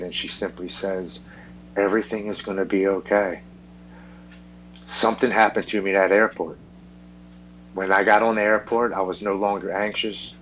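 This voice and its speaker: Low-voiced man telling his recovery story. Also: fairly bright tone, a little hiss or hum, low-quality recording. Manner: candid storytelling, acts out quoted people, swears freely. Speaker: podcast guest.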